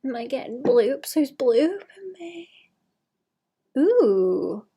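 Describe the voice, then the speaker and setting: A woman's voice: high-pitched, sing-song, extremely slow, mellow, slightly rough, dull audio. A young woman streaming her sketching, chatting casually and thinking aloud with frequent giggles. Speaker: artist streaming while sketching. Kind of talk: casual livestream chat.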